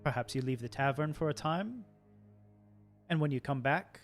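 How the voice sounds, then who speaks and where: A man voicing a calm, shrewd male ship captain in a tabletop game, speaking in a measured, cryptic way. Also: faint music behind. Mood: persuasive. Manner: measured, cryptic, lively pitch swings. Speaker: game master. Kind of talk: tabletop game role-play.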